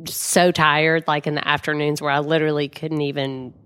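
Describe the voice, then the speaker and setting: A woman's voice: deep voice, little pitch movement, normal speed, fairly bright tone, clear, resonant tone. A woman, chatting as an interview guest and telling a personal story with lots of fillers.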